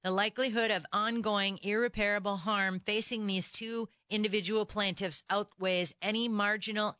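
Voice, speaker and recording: A woman hosting a talk radio program, worked up and firing off indignant rhetorical questions. Her voice is bright and forceful, smooth and crisp, and it sits close and dry on a studio microphone. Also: mid-range voice, dry recording. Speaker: radio talk show host. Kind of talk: opinionated talk radio monologue.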